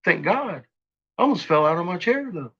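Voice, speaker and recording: A man's voice: high voice, sing-song, normal speed, fairly bright tone, slightly rough, dull audio. A man vlogging an angry rant to his viewers. He swears constantly and stumbles through restarts. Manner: agitated, profane, stumbling restarts.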